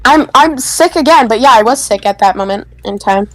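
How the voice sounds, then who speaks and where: A young woman with a fairly high voice talks bluntly during a gaming stream. She jokes around and swears freely in easy, casual chat. Keyboard typing clicks close to her desk mic. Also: lively intonation, brisk, no room sound, low-quality recording. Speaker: streamer playing a building game.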